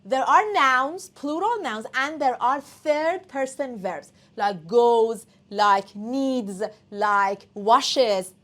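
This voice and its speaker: A woman's voice: fairly high pitch, drawn-out words, few pauses, fairly bright tone. A woman teaching a live English exam-prep class. She speaks emphatically, repeating words aloud and drilling them for her students.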